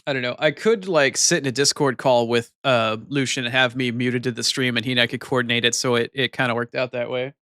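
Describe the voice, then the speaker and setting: A male streamer chatting with his viewers at a medium pitch, lively and quick to swear. His voice is recorded close and dry, with no room sound around it. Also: clear, resonant tone, no room sound. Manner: excitable, swears freely, chats straight to viewers. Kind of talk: casual chat with stream viewers.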